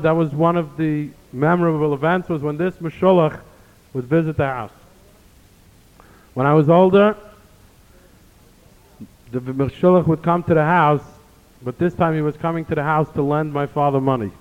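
A man's voice: on the high side, moderate pace, pauses often. A man giving an earnest sermon, telling stories and weaving in Hebrew phrases. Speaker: rabbi giving a talk. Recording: tinny phone-like sound in a reverberant hall.

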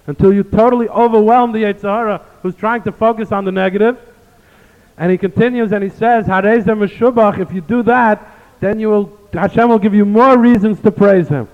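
A man giving an earnest sermon, telling stories and weaving in Hebrew phrases. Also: high voice. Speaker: rabbi giving a talk. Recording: tinny phone-like sound in a reverberant hall.

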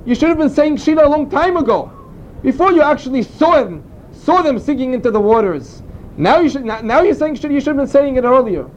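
A man's voice: very high-pitched, expressive, a little fast, slight background noise, low-quality recording. A man giving an informal Torah class, explaining and telling stories in an earnest way. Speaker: Torah teacher.

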